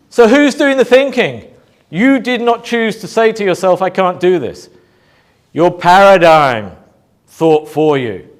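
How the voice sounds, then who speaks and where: Man, high voice, motivational speaker, emphatic, rhetorical questions, live talk.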